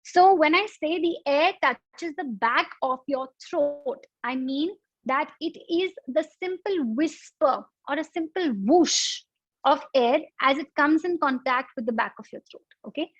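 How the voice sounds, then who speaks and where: High-voiced woman teaching yoga breathing. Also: unhurried, dry recording, muffled recording. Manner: patient, explains with analogies and demonstrations. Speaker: yoga instructor. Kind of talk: guided breathing instruction.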